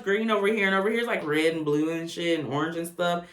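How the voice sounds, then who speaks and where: A woman giving a casual tarot reading to camera, chatty and animated, with blunt, profane asides. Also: lowish voice, quick pace, echoey room. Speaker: tarot reader.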